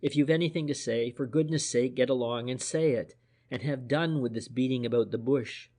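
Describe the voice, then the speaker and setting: A blunt gentleman losing his patience, as a man reads him. His speech is short and sharp, pitched in the middle range, in a mystery audiobook. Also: normal speed, close to an everyday voice. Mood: irritated. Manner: curt, sharp. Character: direct, impatient gentleman client.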